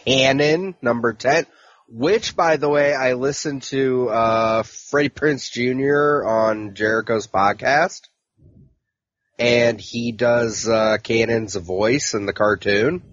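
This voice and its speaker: A man's voice: medium pitch, takes it slowly, a bit bright, no echo, lo-fi sound. A man co-hosting a comics podcast in casual chat, reading out titles and adding dry asides. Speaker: podcast co-host.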